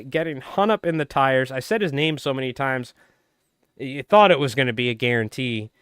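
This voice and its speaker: A man live-streaming, his voice wearing hoarse, calling a marble race play-by-play like a playful sportscaster. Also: fairly high pitch, fairly bright tone, no room sound, clean studio sound. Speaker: fly tying live streamer.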